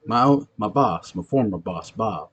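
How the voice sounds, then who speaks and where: A man voicing a profane young ex-convict with a New York accent spins his story. His voice sits low and husky, rough and street-worn. He talks like a man who has seen trouble. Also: expressive, a little slow, a bit bright. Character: ex-convict man recounting a ghostly encounter. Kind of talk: acted monologue, recounting a tale.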